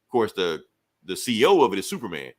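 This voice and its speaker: A man's voice: on the low side, wildly swooping pitch, fast talker. A man on a podcast giving a loose, slangy recap of a comic book, full of fillers and swearing, quoting the characters along the way. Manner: retells scenes by briefly quoting the characters. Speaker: podcast co-host reviewing comics.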